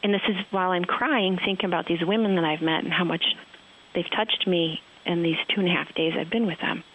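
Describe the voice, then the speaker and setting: A woman's voice: fairly low pitch, fairly quick, a bit bright, husky, highs cut off. A woman fly fishing guide telling a heartfelt story in conversation, rambling and emotional with many fillers.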